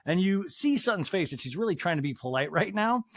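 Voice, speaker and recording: Animated male podcast host, dry sound. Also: high voice, fairly quick, dry recording. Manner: sarcastic, swears, mimics the people he recaps. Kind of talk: comedic reality TV recap.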